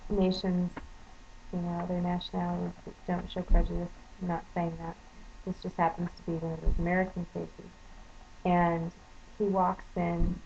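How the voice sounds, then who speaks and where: Brief: low-voiced woman, earnest storyteller, dull lo-fi home video sound. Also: creaky, dark tone. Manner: earnest, indignant. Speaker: vlogger. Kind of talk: casual storytelling monologue. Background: faint storm noise.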